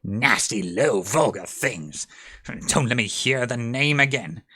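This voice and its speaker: A man playing an easily offended mouse, proud, low tremble, lively pitch. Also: slow pace, breathy edge, full character voice. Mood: disgusted. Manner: indignant, clipped, at times low and trembling.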